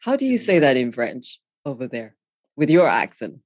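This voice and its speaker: A woman's voice: rumbling low, big pitch swings, moderate pace, darkish tone, no echo, studio quality. A woman hosting an interview, playful and laughing often, addressing her audience directly. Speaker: host. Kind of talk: interview for language learners.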